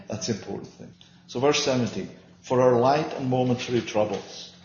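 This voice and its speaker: A man's voice: lowish voice, darkish tone, a little hiss or hum. A man teaching a small Bible study group, speaking earnestly and emphatically and often asking and answering his own questions. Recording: roomy, dull lo-fi recording.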